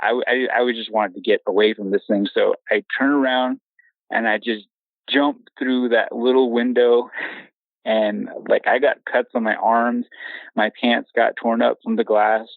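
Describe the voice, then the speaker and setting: A man's voice: mid-range voice, flat delivery, unhurried, creaky, no room sound. A young man telling his own scary encounter story in a rambling way, stumbling over restarts and laughing nervously. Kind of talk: casual storytelling. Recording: tinny phone line.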